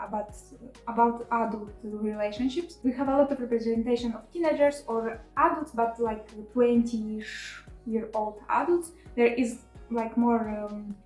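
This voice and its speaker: A woman's voice: on the high side, roomy sound, low-quality recording. A woman with chatting casually in a book haul video, emotional and laughing often with many fillers. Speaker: book vlogger.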